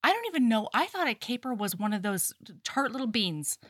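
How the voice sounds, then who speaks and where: A young adult woman co-hosting a podcast, retelling a novel's scenes in a casual, animated way with goofy voices for the characters. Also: on the high side, a little fast, dry recording, studio quality. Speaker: podcast co-host. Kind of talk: casual book-club chat.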